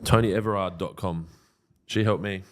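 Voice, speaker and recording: A man's voice: deep voice, fairly even intonation, normal speed. A man co-hosting a casual podcast, joking and swearing freely. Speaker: podcast co-host. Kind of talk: casual banter.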